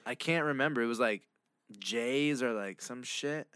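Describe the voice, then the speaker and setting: A young man with a bright, smooth, crisp voice chats loosely on a podcast, laughing often and swearing without a second thought. The sound is dry and close, with no room around it. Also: medium pitch, moderate pace, dry recording. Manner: laid-back, laughs often, swears freely. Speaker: podcast co-host. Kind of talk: casual chat.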